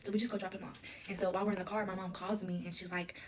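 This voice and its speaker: A woman's voice: mid-range voice, level tone, crowd noise. A woman recounting her own past in a casual storytime confession, talking emotionally with lots of "like". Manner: rapid, emotional retelling full of "like".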